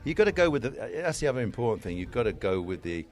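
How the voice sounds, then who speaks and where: A man in his sixties from England, a golf commentator telling animated stories as a podcast guest. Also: mid-range voice, fast talker. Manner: animated storyteller, slips into mimicry. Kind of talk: casual interview chat.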